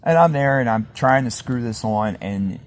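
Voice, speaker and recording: Outdoors by a fire at a winter campsite, a podcast host tells a rambling campfire story full of fillers and chuckles. His mid-range voice has lively intonation and a normal pace.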